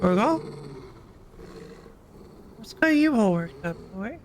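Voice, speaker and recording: A streamer giving casual, excitable commentary while playing a story game. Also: mid-range voice, slow. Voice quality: excitable, chatty.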